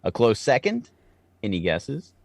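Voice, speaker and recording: A man co-hosting a casual podcast, telling stories with loose swearing and rising excitement. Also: medium pitch, unhurried, gravelly, dry recording. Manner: storytelling, swears freely, animated when excited. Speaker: podcast co-host.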